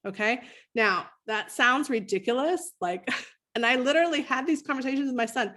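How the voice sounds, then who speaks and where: A middle-aged woman coaching parents in a live talk, reading viewers' comments, animated and leaping high when she models praise. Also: normal speed.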